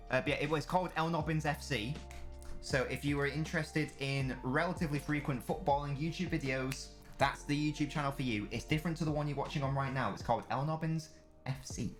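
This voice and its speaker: A man's voice: fairly high pitch, brisk, faint music behind. A young man chatting casually on a live stream, joking and reading out viewers' messages. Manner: chatty, jokey, reads chat aloud.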